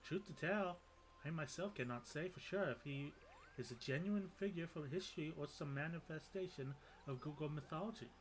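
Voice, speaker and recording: A man's voice: fairly high pitch, normal speed, slight background noise, voice pushed up, lightly acted, poor audio. A man voicing a stately elder woman leader in a game cutscene, speaking in formal, old-fashioned phrasing. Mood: solemn. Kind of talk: reading game cutscene dialogue aloud in voices.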